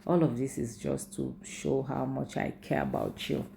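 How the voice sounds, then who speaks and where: Woman recapping, voicing abusive young husband, coaxing and soothing, warm low voice. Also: fairly even intonation, moderate pace, gravelly, slight background noise, exaggerated voice. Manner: coaxing, soothing, repetitive reassurance.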